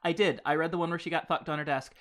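A woman podcast co-host reading a story aloud and bantering in a deadpan way. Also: low-pitched, fast.

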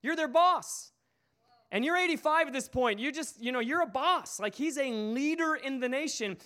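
A man's voice: very high-pitched, lively intonation, moderate pace, sharp tone. A man preaching a sermon, retelling a story emphatically with repeated phrases.

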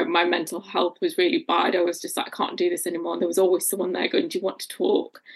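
A woman, telling her own story as an interview guest and acting out what others said to her. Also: lowish voice. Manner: acts out quoted people in lively voices. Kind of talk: personal storytelling in conversation.

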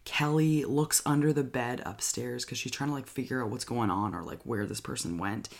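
Gravelly-voiced chatty movie recapper. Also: mid-range voice. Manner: chatty, filler-heavy with frequent "like", enthusiastic; acts out characters' lines in quick voices. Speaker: movie reviewer. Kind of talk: casual movie plot recap.

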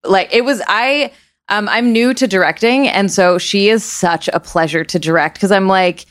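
A woman's voice: mid-range voice, normal speed. Woman director gushing on a podcast, swears a lot, casual.

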